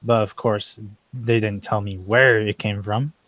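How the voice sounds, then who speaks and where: Guy doing a low, cold kobold chief barking orders, muffled dry audio. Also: fairly even intonation, a little slow, fairly bright tone. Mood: grudging. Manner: cold, commanding, threatening. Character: calm, stern male kobold chieftain.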